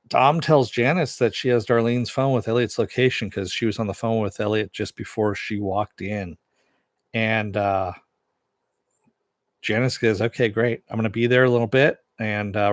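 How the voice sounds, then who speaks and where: A man's voice: fairly low pitch, no echo, clean studio sound. A man casually recapping and reviewing a TV episode, telling it in a rambling way with lots of fillers. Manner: rambling, filler-heavy retelling.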